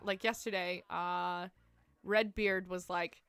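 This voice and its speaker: Bright, chatty young woman streamer. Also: mid-range voice, normal speed, dry recording. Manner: rambling, chatty, laughs often. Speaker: game streamer. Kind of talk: casual live-stream chat.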